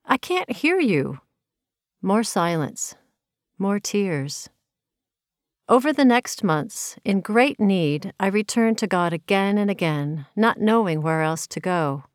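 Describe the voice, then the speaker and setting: A woman's voice: medium pitch, lively intonation, slow pace, dry recording, clean studio sound. A woman from Minnesota reading her own personal story of faith aloud in an earnest, reflective way. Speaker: narrator.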